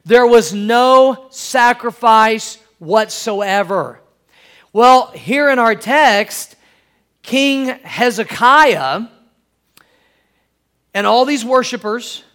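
A middle-aged man preaching a sermon, asking for amens and acting out everyday scenes. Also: fairly bright tone. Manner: preacherly, calls for amens, acts out quoted wives in a high voice. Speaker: pastor.

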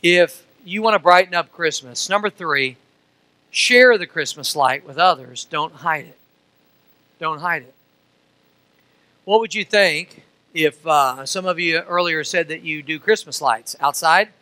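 A middle-aged man from Missouri preaching a sermon as pastor. He uses call-and-response questions and swings from soft to loud. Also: on the high side, a little slow, dry recording, low-quality recording.

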